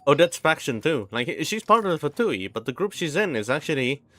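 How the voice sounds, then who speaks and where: A young man chats casually while streaming a game, his voice on the high side with big pitch swings, fairly quick and a bit bright. He rambles, restarts his sentences often, and sounds out names syllable by syllable.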